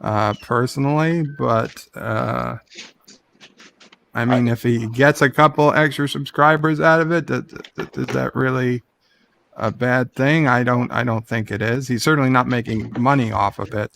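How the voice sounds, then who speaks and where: A man with a gravelly, creaky voice weighs his points in a measured way during a casual chat. Faint noise runs behind him. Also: medium pitch, fairly even intonation, fairly bright tone. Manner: measured, reasoning.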